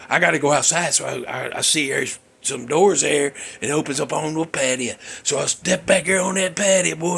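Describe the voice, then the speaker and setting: A man's voice: fairly high pitch, vocal fry, fairly bright tone, slightly rough. A man hosting his own show, telling a dream story in a rambling, folksy, exasperated way. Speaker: host. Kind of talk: comedic storytelling monologue.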